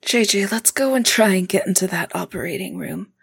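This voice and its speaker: A woman's voice: medium pitch, expressive, a little fast, gravelly, husky, no room sound, clean studio sound, full character voice. A woman playing a dramatic, eccentric actress who is obsessed with vampires and speaks in a theatrical, stammering rush. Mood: insistent.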